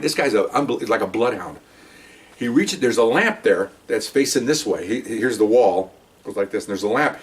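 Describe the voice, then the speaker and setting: An older man tells a police story in a loose, conversational way. He trips over his words, restarts, and acts out bits of dialogue. His voice is mid-pitched and picked up a little away from the mic. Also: far from the mic. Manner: conversational, rambling, with many restarts and acted-out quotes. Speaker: retired police detective telling a story. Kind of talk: casual storytelling.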